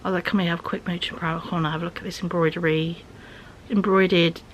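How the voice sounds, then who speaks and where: A young woman chats about her week in a loose, rambling way. Her voice sits a little low and often sinks to a near-whisper. A faint room hum runs underneath. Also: flat delivery, fast, rough recording. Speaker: vlogger. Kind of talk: casual chat.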